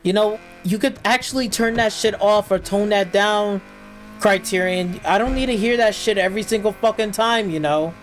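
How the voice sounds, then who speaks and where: A gaming streamer with a high-pitched voice gives live gameplay commentary at a moderate pace, with faint music behind and low recording quality. He rants, complains, and swears constantly, his loose speech full of fillers and restarts.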